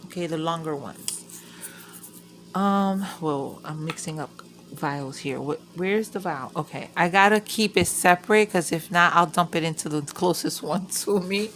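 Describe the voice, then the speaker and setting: A woman with a lowish voice chats casually at her craft table, rambling through a story and cursing freely. A faint hiss of background noise sits under the recording. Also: a little slow, a bit bright. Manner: rambling, swearing, laughing storyteller. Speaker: crafting vlogger. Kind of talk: casual chat while crafting.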